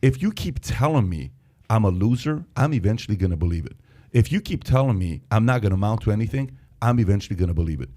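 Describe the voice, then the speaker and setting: A man from Iran hosting a podcast, telling an animated story and acting out its dialogue. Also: fairly low pitch. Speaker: podcast host. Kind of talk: podcast discussion.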